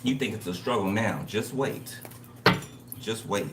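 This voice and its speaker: A man's voice: lowish voice, lively intonation, measured pace, roomy sound, far from the mic, very noisy. A man giving a casual spiritual reading. He talks bluntly and emphatically, repeats himself, and swears freely. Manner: blunt, repetitive, profane. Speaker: tarot reader.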